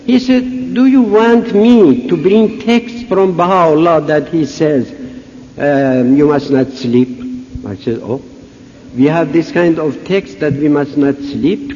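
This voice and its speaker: High-voiced older Persian-accented man, slow. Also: dark tone. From Iran. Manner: halting non-native English, storytelling with dialogue. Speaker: conference speaker. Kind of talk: humorous anecdotal speech. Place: large conference hall. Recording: echoey hall, dull lo-fi audio, faint hiss.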